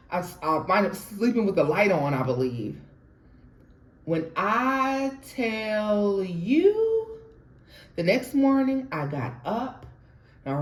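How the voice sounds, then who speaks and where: A young woman telling her own ghost story in an animated, chatty way, talking straight to viewers and laughing often. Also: mid-range voice. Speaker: tarot reader and storyteller. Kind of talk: casual storytime vlog. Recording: roomy echo.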